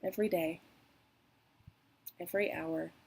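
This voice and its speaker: A young woman speaking candidly and emotionally in a personal vlog, with trailing pauses. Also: on the low side, steady tone, gravelly, darkish tone, slightly rough, low-quality recording. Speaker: vlogger.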